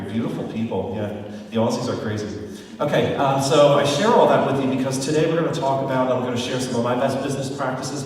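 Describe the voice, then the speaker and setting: A man leading a motivational sales training for a live audience, chatty and animated, joking with the crowd. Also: medium pitch. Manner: chatty, animated storyteller who jokes with the crowd. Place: large hall with live audience. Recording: echoey hall, far from mic.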